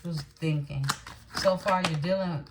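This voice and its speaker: Low-voiced blunt woman reading tarot. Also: fairly even intonation, measured pace, background noise. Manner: blunt, emphatic, checks in with "okay?". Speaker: tarot reader. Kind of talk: live tarot card reading.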